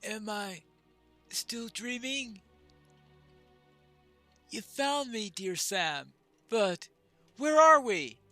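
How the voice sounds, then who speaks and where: A man voicing a weary, bewildered young male hobbit asking softly where he is. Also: sits high, lively intonation, drawn-out words, pauses often, faint music behind, full character voice. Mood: dazed.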